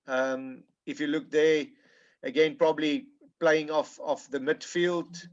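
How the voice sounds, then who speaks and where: South African man, rugby coach on a webinar, halting delivery, dull call sound. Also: a little high, steady tone. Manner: halting, with restarts. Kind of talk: webinar analysis.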